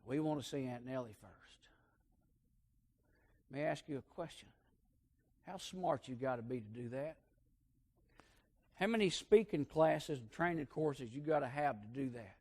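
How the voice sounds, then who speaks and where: A man preaching a sermon, telling a folksy story and swinging between hushed and loud emphasis. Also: mid-range voice, animated, normal speed, long pauses.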